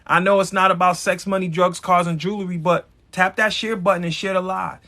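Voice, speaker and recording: Man, high voice, bright and sharp, preachy, blunt, talks straight to viewers. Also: steady tone, fairly quick. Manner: emphatic, preachy, blunt with profanity; addresses viewers directly. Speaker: live-stream host. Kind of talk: motivational live-stream talk.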